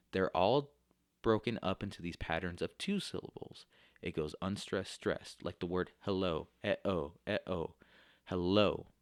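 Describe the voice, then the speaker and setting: Low-voiced man teaching a class. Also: no room sound, studio quality. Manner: explanatory, with frequent fillers. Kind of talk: recorded classroom lecture.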